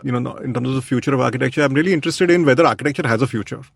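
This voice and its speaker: A man's voice: mid-range voice, very fast, vocal fry, breathy edge, no room sound, studio quality. A man, an architect being interviewed, speaking reflectively with many fillers and restarts. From India. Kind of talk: thoughtful conversational interview.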